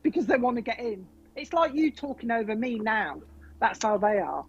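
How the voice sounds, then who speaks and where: A woman's voice: on the high side, moderate pace, breathy edge. A woman co-hosting a card reading show, bantering bluntly and teasing her partner. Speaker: co-host psychic. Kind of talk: casual banter. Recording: dull, slightly hissy sound.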